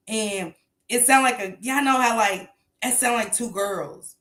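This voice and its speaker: A woman's voice: medium pitch, normal speed, creaky, fairly bright tone, echoey room. A woman hosting a casual morning commentary show, talking bluntly and emphatically with plenty of swearing.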